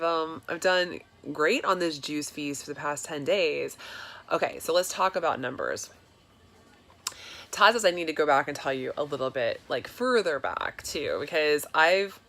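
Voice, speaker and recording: A woman's voice: sits low, gravelly, fairly bright tone, slight background noise. A woman in her thirties chatting casually and confessionally in a personal vlog, with lots of fillers. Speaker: vlogger. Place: home in Florida.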